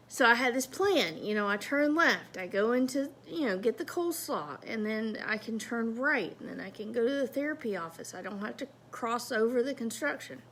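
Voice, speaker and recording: A woman's voice: on the high side, fairly bright tone. A woman telling a personal story in a casual, chatty, self-mocking way.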